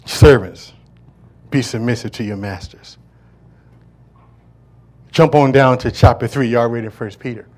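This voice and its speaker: A male pastor delivering a sermon to a congregation, joking and asking the listeners to fill in words, swinging between loud declarations and low asides. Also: normal speed, pauses often. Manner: call-and-response preaching, asks congregation to fill in words. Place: church service before a congregation.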